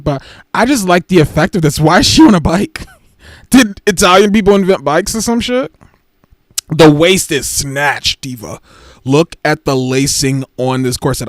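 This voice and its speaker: A man's voice: a little high, no room sound, clean studio sound. A man hosting a casual livestream, chatty and sassy, gushing and jumping from one topic to the next. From United States. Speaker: livestream host.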